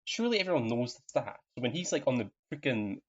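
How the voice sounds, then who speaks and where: A man's voice: mid-range voice, big pitch swings, fast, breathy edge. A man co-hosting a podcast, chatting in a rambling, hesitant way and laughing often. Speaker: podcast co-host. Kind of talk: casual film review chat. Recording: dull lo-fi sound.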